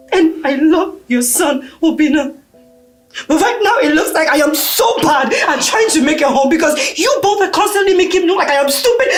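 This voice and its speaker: An actress playing a young stepmother who pleads in hurt frustration with her husband and stepson. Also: sits high. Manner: pleading, exasperated. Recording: echoey film audio with soft music.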